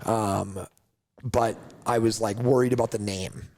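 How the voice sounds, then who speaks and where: A man's voice: on the low side, unhurried. A man, a coffee company founder, telling a story in casual conversation, acting out other people's lines and saying "like" a lot. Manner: animated, acts out others' lines, heavy use of "like".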